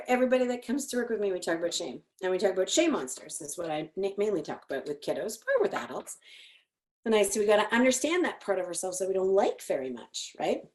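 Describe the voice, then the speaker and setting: Animated woman psychologist telling stories. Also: lowish voice. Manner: animated storytelling, acting out quotes. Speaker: clinical psychologist presenting. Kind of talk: educational talk.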